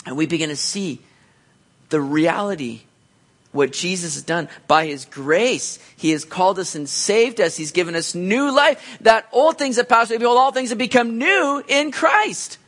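Animated man preaching, higher voice. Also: normal speed. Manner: animated, jumps into high voices to act out reactions; conversational preaching with frequent asides. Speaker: pastor. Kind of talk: sermon.

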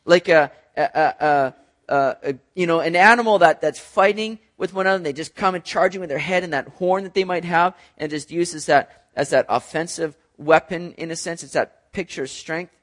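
High-voiced pastor preaching conversationally. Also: male voice, normal speed, a bit bright. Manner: conversational preaching, addresses listeners as guys; acts out voices in an illustrative story. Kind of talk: sermon.

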